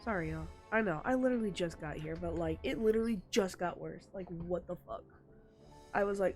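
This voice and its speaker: A woman's voice: medium pitch, expressive, moderate pace, soft background music. A woman live streaming a video game with a stuffed-up nose, chatting bluntly and with lots of swearing, laughing at herself, into a desk microphone at home. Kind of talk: casual gaming stream chat.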